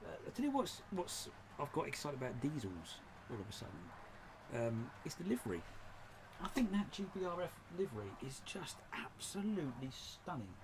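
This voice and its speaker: Guy hosting a live stream, excitable and jokey, faint noise behind. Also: on the high side, moderate pace. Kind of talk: casual live-stream chat. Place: indoors at a model railway layout.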